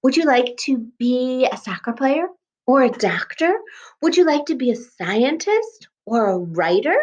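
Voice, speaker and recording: A woman teaching a kindergarten class by video, speaking slowly in a sing-song way and sounding out words letter by letter. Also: high-pitched, sing-song, highs cut off. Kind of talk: remote lesson for young children.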